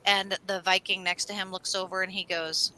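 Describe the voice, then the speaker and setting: A woman co-hosting an astrology livestream, telling rambling stories in a casual, animated way and swearing now and then. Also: mid-range voice, normal speed, low-quality recording. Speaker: astrology show co-host.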